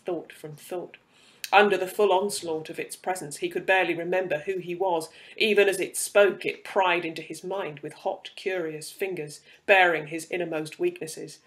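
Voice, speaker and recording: Male reader, slightly high pitch, measured and dramatic for fantasy narration. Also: fairly bright tone. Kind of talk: dramatic fiction reading.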